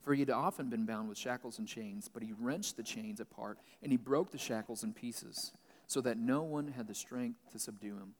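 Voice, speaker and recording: A man's voice: mid-range voice, normal speed. Man teaching scripture in a reverberant hall. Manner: reads a passage, then explains it plainly. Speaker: pastor. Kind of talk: Bible teaching, reading and explaining. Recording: long reverb, large hall.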